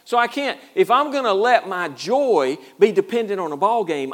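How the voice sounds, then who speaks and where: A man's voice: high-pitched, expressive, moderate pace. A man preaching a sermon as pastor, in a folksy, self-deprecating way with a lot of repeated words. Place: church.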